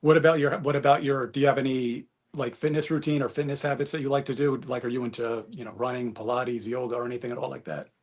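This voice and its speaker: A man speaking quickly with a husky edge to his voice. He chats earnestly as a contestant on a dating show, often padding his sentences with "you know". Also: mid-range voice, steady tone. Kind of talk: casual chat.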